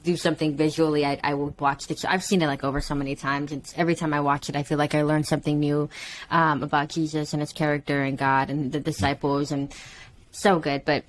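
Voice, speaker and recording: Effusive woman podcast host, lowish voice. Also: little pitch movement, poor audio. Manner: effusive, quick to agree and laugh. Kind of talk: casual faith podcast interview.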